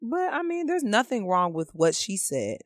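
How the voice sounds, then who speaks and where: A woman guest on a casual podcast, calmly reasoning through her opinion in a debate. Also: medium pitch, normal speed, dry recording, clean studio sound.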